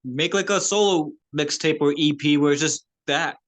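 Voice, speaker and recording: A man from Canada with a bright, forceful voice, talking loosely about music. He swears often and laughs easily, his pitch sitting a little high for a man. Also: moderate pace. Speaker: rapper. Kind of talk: casual chat.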